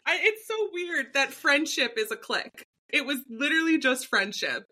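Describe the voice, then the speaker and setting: Bright-voiced young woman, chatty podcaster. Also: high voice, normal speed, poor audio. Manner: chatty, animated storytelling with frequent laughs. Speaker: podcast co-host. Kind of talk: casual chat.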